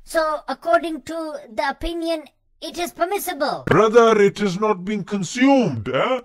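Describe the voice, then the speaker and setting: A man's voice: very high-pitched, animated, unhurried, no room sound, clean studio sound, voice pushed up. A man putting on an earnest cricketer excusing alcohol. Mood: pleading. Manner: pleading, self-justifying.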